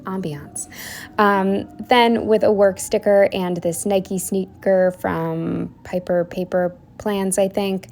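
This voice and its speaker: A woman's voice: mid-range voice, steady tone, unhurried, darkish tone. Rambling, chatty woman vlogger. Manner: rambling, chatty, many "like" fillers and trailing sentences. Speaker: planner vlogger. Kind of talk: casual voice-over walkthrough of a planner spread.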